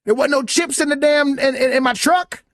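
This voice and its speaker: A man's voice: very high voice, steady tone, moderate pace, fairly bright tone, no echo. Male podcast host, soldier; indignant casual rant, cursing freely; dry close sound. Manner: blunt, profane, indignant. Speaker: podcast host reacting to a clip.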